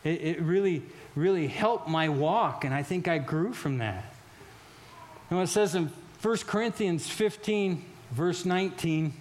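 High-pitched guy preaching, gets loud and worked up, repeats himself a lot, then goes quiet and soft on the sad parts. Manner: animated and emphatic, often repeating words and restarting phrases; drops to a quieter, slower tone for solemn stories. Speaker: pastor. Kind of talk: sermon.

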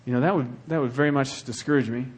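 A man preaching a sermon as the church's pastor, swinging between hushed, earnest talk and loud, fervent exhortation. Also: medium pitch, fast.

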